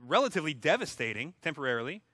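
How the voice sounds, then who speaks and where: Casting: a male pastor with a high, bright voice, casual humorous sermon delivery. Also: big pitch swings, very fast, dry recording. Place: church.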